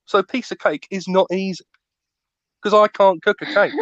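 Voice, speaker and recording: A man's voice: sits high, steady tone, normal speed, a bit bright, no room sound, lo-fi sound. A man co-hosting a podcast, ranting playfully in casual chat and acting out little scenes. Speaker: podcast co-host.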